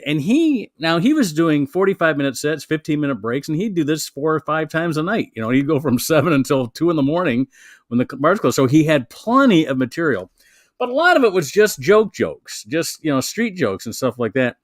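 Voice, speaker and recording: A man's voice: on the high side, very animated, fairly quick, no echo, studio quality. A man, a veteran comedian, telling a long rambling story in casual chat and laughing as he talks.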